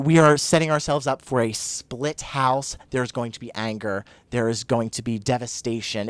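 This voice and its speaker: A man co-hosting a podcast in casual chat, gushing about a reality show with animated storytelling. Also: mid-range voice, no room sound. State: overheated. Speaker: podcast co-host.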